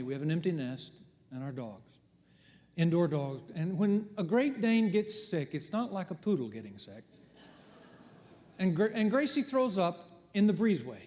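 Casting: middle-aged male pastor, high lively voice, dramatic storyteller, church reverb. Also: normal speed. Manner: animated storytelling, swings from hushed to loud. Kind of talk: sermon. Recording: long hall reverb.

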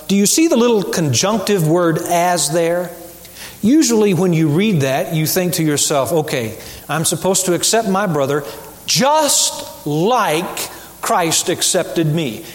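A male pastor preaching a sermon, emphatic, with rhetorical questions and deliberate repetition. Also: sits high, long reverb tail. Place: church sanctuary.

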